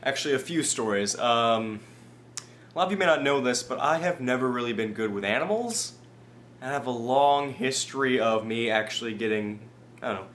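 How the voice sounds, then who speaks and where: A man vlogging comic personal stories in an animated, exaggerated way, dropping low and then bursting up high with excitement. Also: a little hiss or hum.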